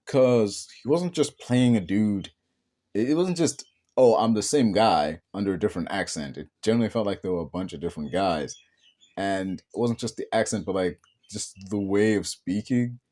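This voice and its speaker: A man's voice: lowish voice, moderate pace, mellow. A man, a podcast host rambling casually about films with many fillers and restarts. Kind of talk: casual film talk.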